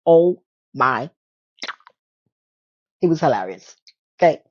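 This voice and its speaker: A woman's voice: deep voice, very animated, slow, darkish tone, slightly rough, muffled recording. A woman hosting a casual TV recap, retelling scenes in a chatty way with sarcastic asides. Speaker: TV episode recap host.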